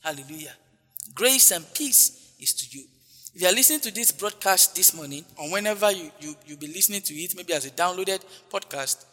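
A man's voice: high-pitched, bright, forceful tone, long reverb tail. A male preacher giving a broadcast sermon, repeating phrases emphatically and dropping in frequent hallelujahs.

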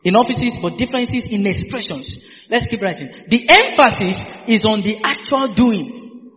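A man's voice: sits high, expressive, normal speed, a bit bright. A man preaching a sermon, exuberant, laughing often and repeating hallelujahs and phrases. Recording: echoey hall, dull lo-fi sound.

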